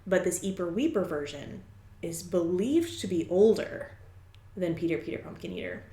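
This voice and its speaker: A woman's voice: on the low side, expressive, normal speed, dark tone, roomy sound. A young woman co-hosting a podcast, explaining things at length in casual chat with lots of fillers. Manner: rambling explainer with many fillers. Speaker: podcast co-host.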